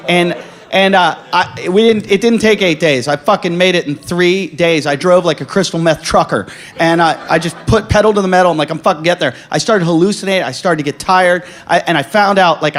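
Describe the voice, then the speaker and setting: A man hosting a live comedy podcast, telling rambling, profane stories and acting out quoted voices for the crowd. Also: high voice. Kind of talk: crude comedic storytelling before a live audience. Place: live show venue.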